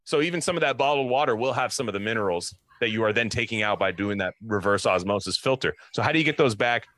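Young male podcast co-host, bright crisp tone, dry close sound, loose and profane delivery. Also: lowish voice, quick pace, no echo. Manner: loose, profane, animated storytelling. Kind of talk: casual chat.

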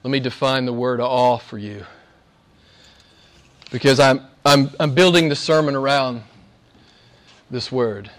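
A man with a Southern American accent preaching a sermon with passion, swinging between loud emphasis and hushed asides. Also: mid-range voice, unhurried, pauses often. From Southern United States. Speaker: pastor.

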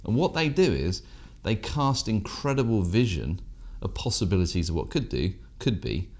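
A man's voice: on the low side, sing-song, moderate pace, a little mellow. A British man from England co-hosting a business podcast, chatting casually with dry, self-deprecating humour. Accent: British English. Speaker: podcast co-host.

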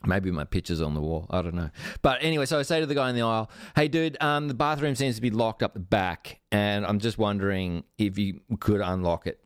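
A man, hosting a podcast and telling a long sweary anecdote in an animated, self-mocking way. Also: fairly low pitch, fairly quick, hardly any pauses, dry recording, studio quality. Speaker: podcast host. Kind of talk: casual storytelling.

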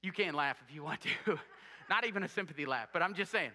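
A man's voice: on the high side, expressive, a little fast, sharp tone, big-room sound. A male preacher delivering a sermon, asking the congregation rhetorical questions and making joking asides.

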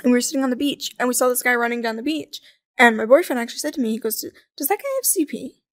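Casting note: young woman, podcast guest, candid and jokey, higher voice, dry close mic. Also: racing, no room sound. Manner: candid, jokey, animated storytelling. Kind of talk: casual interview chat.

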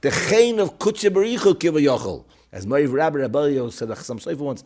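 Animated husky man telling a story. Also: medium pitch, moderate pace. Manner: animated storytelling, swings from loud to hushed. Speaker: guest recalling his father. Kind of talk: storytelling interview.

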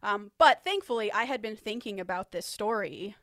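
A woman's voice: mid-range voice, expressive, normal speed, fairly bright tone, no room sound, clean studio sound. A woman co-hosting a podcast, chatting casually about her work and laughing easily. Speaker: podcast co-host.

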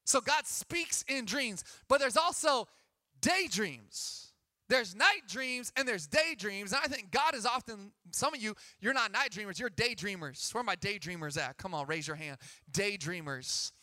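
A man in his thirties preaching a sermon as pastor, energetic and emphatic, climbing to loud peaks. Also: high-pitched, measured pace, dry recording.

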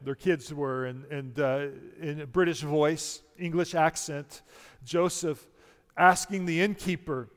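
A middle-aged man preaching a sermon as pastor, prayerful and conversational, often restarting words and dropping quiet. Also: fairly high pitch, a little slow, in a large hall. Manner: prayerful, softening to near-quiet, with many restarts.

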